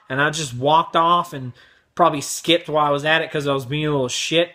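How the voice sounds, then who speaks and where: A man's voice: a little high, fairly even intonation, a little fast, pushed and bright. A young man hosting his vlog, telling crude, exaggerated stories in a brash comedic rant. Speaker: vlog host.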